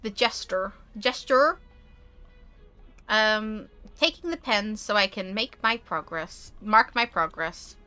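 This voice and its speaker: A woman's voice: medium pitch, a little slow, few pauses, clean tone, faint music behind. A young woman streaming a game, reading it aloud with chatty asides. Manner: chatty, animated asides, talks with food in mouth.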